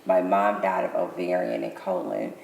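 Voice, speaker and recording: A woman, a guest on a talk show, telling her own story in an animated way, repeating herself and laughing between words. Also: a bass voice, moderate pace, gravelly. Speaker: guest, cancer survivor. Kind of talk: emotional personal storytelling. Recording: echoey room with long reverb, faint noise.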